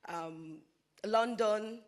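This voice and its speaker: A woman's voice: mid-range voice, very slow. A woman from Sierra Leone asking a question from the audience, polite and a little hesitant.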